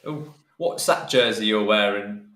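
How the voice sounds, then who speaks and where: A man's voice: fairly low pitch, a little slow, fairly bright tone, roomy sound. A man co-commentating a live race, jokey and chiming in with quips.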